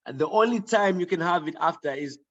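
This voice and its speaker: A man's voice: high-pitched, expressive, a little fast, lo-fi sound. A man teaching a writing lesson, thinking aloud with fillers and restarts and often checking in with the class. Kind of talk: online grammar lesson.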